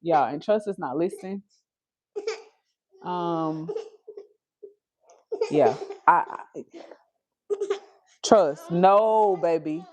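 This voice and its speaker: A woman's voice: on the low side, very slow, long pauses, a little mellow. A young woman chats casually to her livestream viewers from a busy family home. She keeps breaking off to coax and scold her toddler, then picks the chat back up. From Houston, Texas. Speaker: livestream host.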